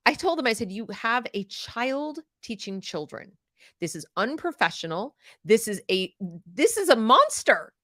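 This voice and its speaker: A woman hosting a live recap talk, telling a personal story in an animated, emphatic and firm way. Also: a little high, dry recording, studio quality. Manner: animated and emphatic, acts out quoted people; firm, indignant. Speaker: podcast host.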